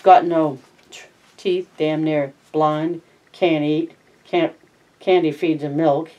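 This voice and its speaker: A blunt, crude ranch hand in a plain read-aloud, as a reader puts him on. He complains in a rough, matter-of-fact way and swears freely. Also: medium pitch, steady tone, takes it slowly, darkish tone, highs cut off, natural voice.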